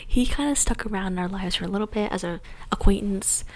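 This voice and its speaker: A woman's voice: mid-range voice, quick pace. A young woman whispering a storytime in a gossipy, laughing manner. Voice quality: soft whisper. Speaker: ASMR storyteller.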